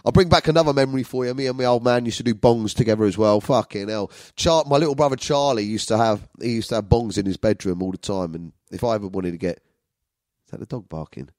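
A man with a London accent rambles through crude stories, swearing freely. His voice sits very low, and the room is dead dry with no echo. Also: quick pace, hardly any pauses, darkish tone. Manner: rambling and profane, laughing at his own stories. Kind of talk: casual storytelling monologue.

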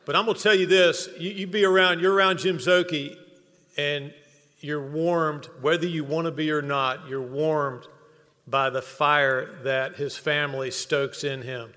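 A man's voice: fairly high pitch, fairly even intonation, moderate pace, pushed and bright. A man giving a humorous tribute speech at a hall of fame induction, telling anecdotes before an earnest close. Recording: long reverb of a banquet hall.

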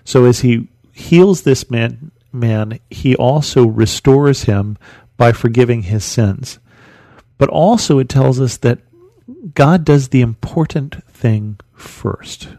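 A man's voice: medium pitch, takes it slowly, vocal fry, warm tone, dry recording. A man hosting a podcast, teaching through a Bible story in a conversational, storytelling way with rhetorical questions.

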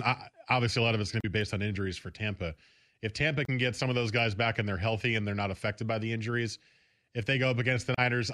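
Male sports radio host, casual and quick-talking, close dry studio mic. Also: lowish voice, a bit bright, dry recording. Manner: conversational, quick, self-correcting.

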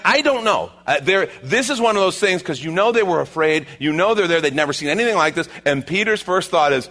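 A middle-aged man preaching a sermon in an animated way, acting out voices and asking the room questions. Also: sits high, quick pace. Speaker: pastor.

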